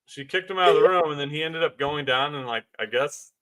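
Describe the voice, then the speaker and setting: A man's voice: fairly high pitch, a little fast, a bit bright, no room sound. A young adult man co-hosting a casual horror movie review, recapping the plot in an easygoing way. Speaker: podcast co-host.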